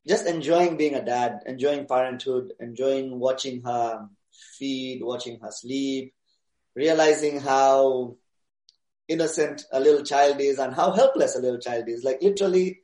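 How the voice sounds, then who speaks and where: A man answering interview questions in a casual, relaxed way, pausing often with fillers. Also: mid-range voice, reverberant. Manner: relaxed, hesitant with many fillers. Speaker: interview guest, DJ.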